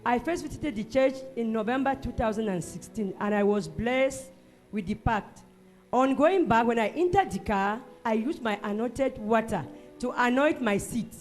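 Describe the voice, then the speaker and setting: A woman gives an animated testimony at a church service. Her voice sits high, and she rises into loud shouts of praise. Soft music plays underneath. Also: normal speed. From Cameroon. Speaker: church member giving a testimony.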